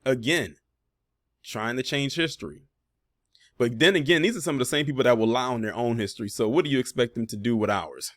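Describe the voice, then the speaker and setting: A man's voice: mid-range voice, brisk, dry recording, studio quality. A man hosting a reaction commentary video, talking casually and pointedly, with sarcastic asides and frequent fillers.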